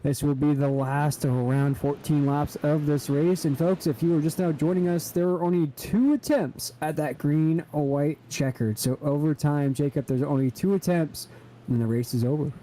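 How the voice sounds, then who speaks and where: A man's voice: on the high side, normal speed, dark tone, slight background noise, low-quality recording. A man doing live play-by-play commentary on an online racing broadcast, upbeat and announcer-like, reading out standings and going to breaks.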